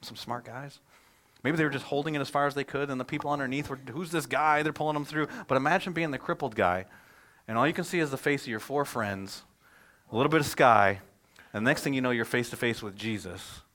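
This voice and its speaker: Speaking fast in a mid-range voice, this male pastor gives an animated, chatty sermon, weaving in anecdotes and posing rhetorical questions.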